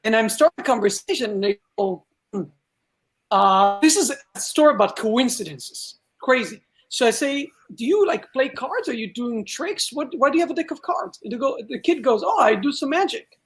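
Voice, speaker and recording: A man's voice: very high-pitched, expressive, normal speed, fairly bright tone. A man from Israel with an Israeli accent, a guest magician telling a story in casual podcast talk and acting out the dialogue.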